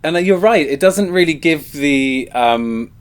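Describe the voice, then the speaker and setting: A man's voice: on the high side, animated, unhurried, clear, resonant tone. A man guest on a podcast, chatting casually, laughing often and trading jokes. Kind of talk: casual conversation about comedy.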